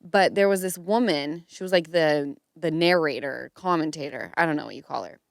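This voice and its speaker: Animated woman telling a story. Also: normal speed, vocal fry, dry recording, studio quality. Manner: animated storytelling, acts out quotes in a higher voice. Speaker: podcast host. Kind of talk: casual chat.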